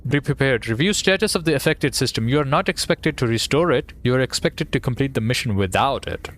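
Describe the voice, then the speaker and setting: A man's voice: mid-range voice, animated, brisk, fairly bright tone, pitched above the performer's own voice, natural voice. A man voicing a terse male military radio commander in a put-on American accent, reading brief formal reports. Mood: clipped, formal.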